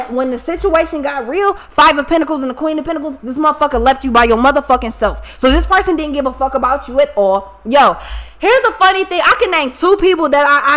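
A woman host telling a personal story to her viewers in a blunt, profane, animated way. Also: high-pitched. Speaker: tarot reader and channel host.

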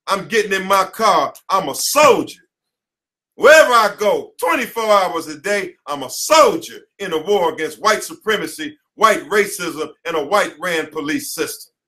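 An American attorney teaching a class gives an impassioned lecture indoors at his office headquarters, preachy and emphatic and repeating slogans. His voice is high-pitched, pushed, and bright.

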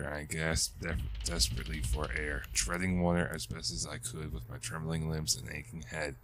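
A man narrating a ghost story in a measured, steady storytelling manner, with small restarts. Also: rumbling low, noisy background.

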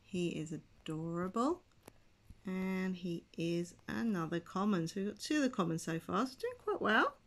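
A woman giving casual gameplay commentary, excitable and chatty, gasping and squealing as she talks to her viewers. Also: lowish voice, normal speed. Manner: chatty, addresses viewers as guys. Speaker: gaming channel host.

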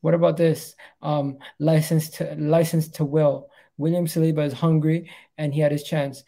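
A young man hosting a casual football chat, chatty and quick to laugh. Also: on the high side, flat delivery, warm tone. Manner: chatty, laughs easily, breaks into impressions. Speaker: football channel host.

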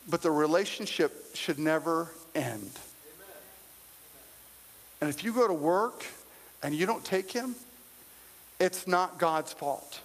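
A man's voice: high-pitched, gravelly. A male pastor preaching a sermon in a conversational, humorous way, speaking straight to the congregation. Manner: addresses the congregation directly. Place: church sanctuary with a congregation. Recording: long reverb of a large hall.

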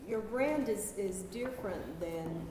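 A woman's voice: medium pitch, animated, takes it slowly. A woman in the audience, answering a question hesitantly and searching for words. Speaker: audience member. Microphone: far from the mic. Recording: distant voice in echoey hall with noise.

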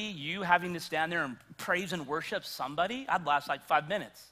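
A man's voice: high voice, sharp tone. A man preaching a sermon to his church, talking straight to the congregation in a conversational way. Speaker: pastor.

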